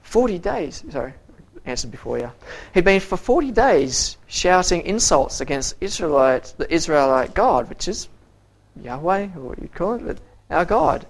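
Very animated and with vocal fry, a teacher with a mid-range pitch walks a class through an interactive Bible story. The telling stops and starts, repeating words and firing questions at listeners, and slips into character voices for quoted lines.

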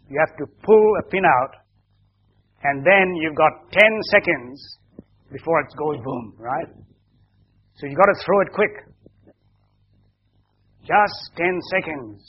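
A man, a pastor, telling a children's story during a service, slowly explaining and asking the children questions as he goes. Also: fairly high pitch, breathy edge. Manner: slow and explanatory. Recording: dull lo-fi recording.

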